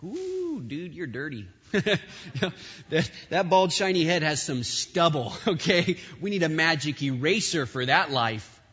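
A man delivers a sermon in an animated, conversational manner, throwing in jokes and asides. His voice is bright with a husky edge. The recording sounds dull and carries a long reverb, as if he were in a large hall. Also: fairly high pitch. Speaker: pastor.

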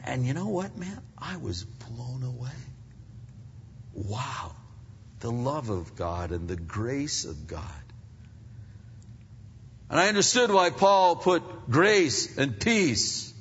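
An older man from Pennsylvania preaching a sermon as a pastor, talking conversationally and swinging between loud stretches and hushed ones. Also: medium pitch, gravelly, slight background noise. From Pennsylvania, United States. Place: large church sanctuary. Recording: dull reverberant hall sound.

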